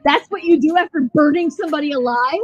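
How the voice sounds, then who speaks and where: A woman's voice: high-pitched, fast, highs cut off, faint music behind. Chatty woman recapping with a cusswords-heavy ramble. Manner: profane, rambling, with lots of fillers. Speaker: podcast co-host. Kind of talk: casual recap chat.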